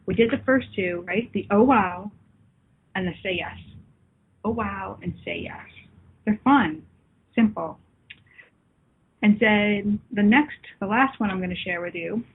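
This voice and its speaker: Woman host of a live call-in show, affectionate, slightly husky, heard over a tinny line. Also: on the low side. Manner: warm, affectionate, calls people love. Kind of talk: live call-in talk with viewers. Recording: phone-like lo-fi line.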